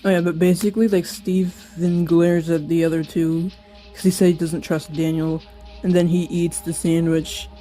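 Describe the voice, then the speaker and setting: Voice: medium pitch, level tone, mellow, soft background music. A young author reading an old story of their own aloud, breaking off for giggly, self-mocking asides. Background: slowed-down song.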